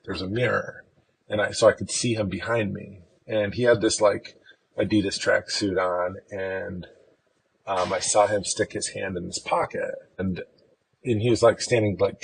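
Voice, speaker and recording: A man's voice: deep voice, fairly even intonation, normal speed, creaky, slight background noise, rough recording. A man from Chicago, a podcast guest, telling a personal story in an easygoing, rambling way.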